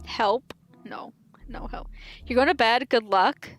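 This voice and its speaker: A woman in her twenties with a light Southern twang talks loosely and playfully to her live-stream audience. She laughs often, and her voice sits a little higher than most. Soft game music plays underneath. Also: measured pace. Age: 20s. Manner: giggly, chatty, talks straight to chat. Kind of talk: casual live-stream chat.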